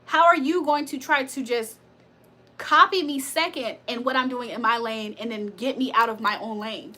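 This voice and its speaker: Woman, tarot reader, livestream host, high voice, casual chat, laughs and curses a lot. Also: moderate pace, sharp tone. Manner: chatty, laughs often, swears freely.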